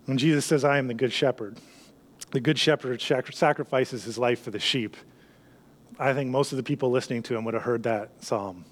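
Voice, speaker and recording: A man preaching a sermon in an earnest way, often dropping to a soft hush on key lines. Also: mid-range voice, fairly quick. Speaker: pastor.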